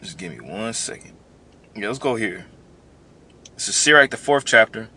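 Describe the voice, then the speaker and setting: A man's voice: on the low side, animated, normal speed, sharp tone, a little hiss or hum. A man giving a blunt, confrontational preaching commentary, often repeating phrases as he builds his point. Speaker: religious commentator.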